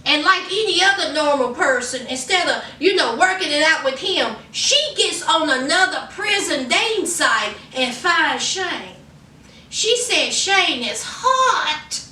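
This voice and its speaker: A woman's voice: high-pitched, expressive, measured pace, pushed and bright. A woman from Virginia recapping a reality show in a sassy, laughing, chatty way. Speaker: vlogger. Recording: echoey room, distant mic, faint noise.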